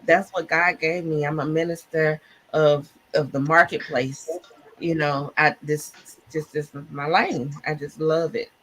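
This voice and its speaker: Bright-voiced excitable woman host. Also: deep voice, measured pace. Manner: excited, churchy, laughing often, Southern-style "y'all" talk. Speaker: podcast host. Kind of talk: casual live-stream chat.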